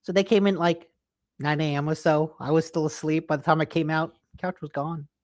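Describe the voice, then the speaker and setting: A man's voice: on the high side, steady tone, a little fast, darkish tone, no room sound. Male co-host, casual rambling chat, dry home mic. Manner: rambling, teasing, filler-heavy. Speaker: podcast co-host. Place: home office.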